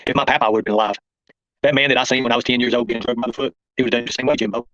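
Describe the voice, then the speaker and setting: A man's voice: mid-range voice, steady tone, very fast, a bit bright, no room sound, highs cut off. A man hosting a rambling livestream, confrontational and calling out viewers by name. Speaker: livestream host.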